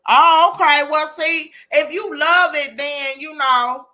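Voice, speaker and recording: A woman's voice: sits high, fairly even intonation, slow pace, bright, forceful tone. A woman hosting a casual live chat, exclaiming and talking to listeners by name. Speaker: host of a live chat room.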